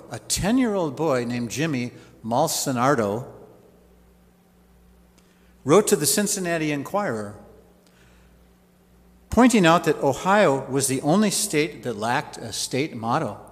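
A man's voice: a little high, expressive, a little slow, long pauses, in a large hall. A man preaching a sermon, telling stories with folksy asides. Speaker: pastor.

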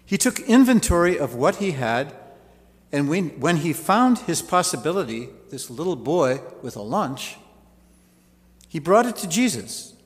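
A man's voice: a little high, sing-song, moderate pace. Preaching man in a reverberant church. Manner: storytelling preacher with folksy asides. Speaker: pastor. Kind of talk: sermon.

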